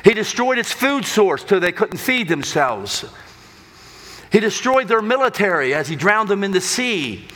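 A man preaching a sermon, swinging between loud emphatic lines and hushed low ones. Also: big pitch swings, unhurried. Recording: long hall reverb.

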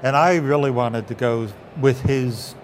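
A man's voice: mid-range voice, a little slow, a little hiss or hum. A man guest telling anecdotes in an interview, acting out voices in his stories. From England. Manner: animated storyteller acting out quotes. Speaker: puppeteer guest.

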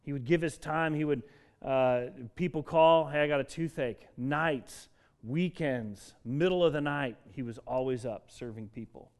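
A middle-aged man from Denver preaching a sermon as pastor, moving between emphatic declarations and soft, reflective passages. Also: mid-range voice, unhurried. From Denver, Colorado.

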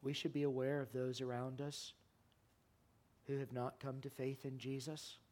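A man preaching a sermon in a church, impassioned, his voice climbing high and loud, then sinking to a quiet, earnest plea. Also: flat delivery, moderate pace. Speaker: pastor. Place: church sanctuary.

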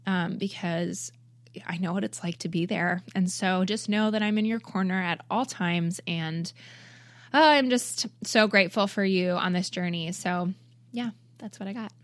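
A woman's voice: mid-range voice, normal speed, no echo. A woman in her thirties hosting a solo podcast, talking earnestly and with feeling, with many ums and a frequent "right?". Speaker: podcast host. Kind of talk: heartfelt solo podcast talk.

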